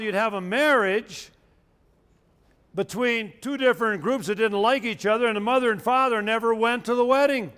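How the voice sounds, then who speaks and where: A man's voice: high voice, pushed and bright, clean tone. An older man who is a local historian, telling history in a folksy, anecdotal way with joking asides. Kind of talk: storytelling history talk.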